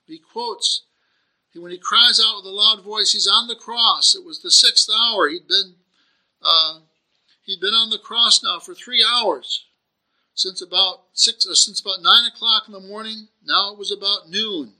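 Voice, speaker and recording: A man's voice: high-pitched, measured pace, bright, forceful tone, low-quality recording. A man preaching a sermon, earnest and searching, asking rhetorical questions and often restarting his phrases.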